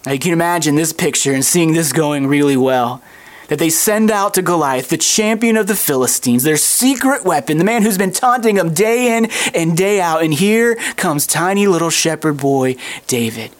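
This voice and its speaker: A preacher giving a sermon in an animated, conversational storytelling manner. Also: medium pitch, normal speed.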